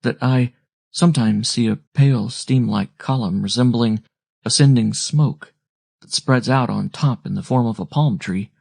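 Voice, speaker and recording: A man voicing an alarmed young gentlewoman passenger aboard a ship, in anxious, refined speech. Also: mid-range voice, measured pace, gravelly, husky, no room sound, clean studio sound, voice pushed up.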